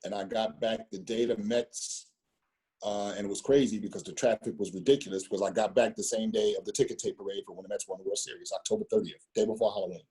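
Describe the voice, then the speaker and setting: Middle-aged storyteller, fifties, husky and dark-toned, loose rambling delivery full of slang and restarts. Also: male voice, lowish voice, steady tone, quick pace. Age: 50s. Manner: rambling, repeats words, street slang. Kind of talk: casual storytelling conversation.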